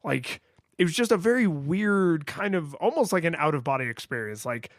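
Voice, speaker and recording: A man with a voice a touch higher than most talks through a retro game review. He rambles, stops to restart his thoughts, and sprinkles in fillers. It sounds close-miked and dry, with no room sound. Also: normal speed, no echo. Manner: rambling, lots of fillers and restarts, acts out his own past excitement. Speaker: podcast co-host.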